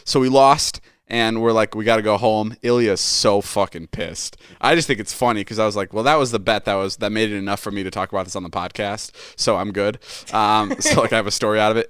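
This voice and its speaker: A man in his twenties tells a story on his podcast with energy, swearing freely and playing out his friends' lines. His voice is smooth and resonant, and the recording is close and dry. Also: lowish voice, dry recording. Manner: animated and profane, acts out friends' lines. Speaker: podcast host. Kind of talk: casual storytelling.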